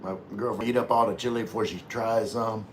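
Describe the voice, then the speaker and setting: A man hosting a relaxed livestream, rambling in a folksy way while eating and chatting to viewers. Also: on the low side, a little fast, a little hiss or hum. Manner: laid-back, rambling, talks with mouth full; folksy, calls himself country. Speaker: vlogger hosting a live stream.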